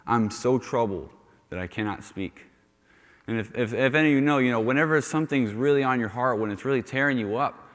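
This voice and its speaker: A man's voice: medium pitch, fairly bright tone. A male youth pastor giving a conversational sermon, often restarting phrases and saying "you know". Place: church sanctuary. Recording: long reverb of a church hall.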